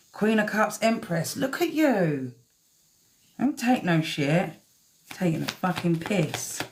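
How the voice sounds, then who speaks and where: A woman's voice: deep voice, slight background noise. Swearing woman reading tarot. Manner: chatty, swears freely, talks to the cards. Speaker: tarot reader. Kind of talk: live-stream tarot reading.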